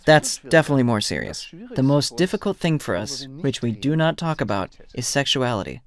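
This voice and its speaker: A man's voice: medium pitch, sing-song, brisk. A man with a German accent, a therapist giving a lecture to an audience and acting out little dialogues with patients. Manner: storytelling, acts out dialogues.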